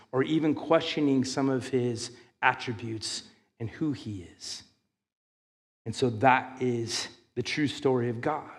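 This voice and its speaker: A man preaching a sermon, reading scripture aloud and building to loud, emphatic passages. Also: mid-range voice, long reverb tail. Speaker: pastor.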